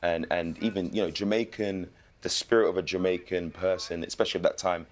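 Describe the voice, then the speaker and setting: A man, an actor guest telling lively stories in a casual interview. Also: low-pitched, a little fast. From England. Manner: animated storytelling with slang.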